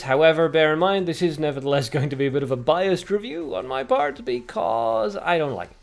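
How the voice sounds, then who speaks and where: Chatty male livestream host. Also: medium pitch. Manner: chatty, reads chat aloud, laughs at own puns. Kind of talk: casual livestream chat.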